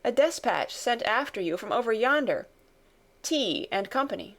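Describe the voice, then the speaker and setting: A woman's voice: on the high side, animated, normal speed, voice pushed up. A woman voicing a male messenger on horseback who calls out urgently. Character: male rider calling out of the mist.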